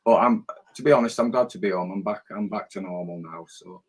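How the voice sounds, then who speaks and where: A man's voice: fairly low pitch, brisk, breathy edge, low-quality recording. A man co-hosting a casual fan podcast, blunt, swearing freely and repeating his words. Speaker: co-host.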